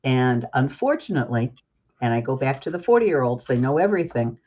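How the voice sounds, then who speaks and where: A woman's voice: a bass voice, very animated, brisk, mellow, muffled recording. An older woman, a book author, speaking as a guest in a talk-show interview in an earnest, emphatic and openly emotional way.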